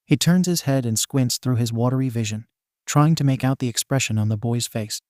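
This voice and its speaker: A man narrating a fan fiction story in a steady, even reading voice. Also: medium pitch, brisk, dry recording, studio quality. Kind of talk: scripted narration.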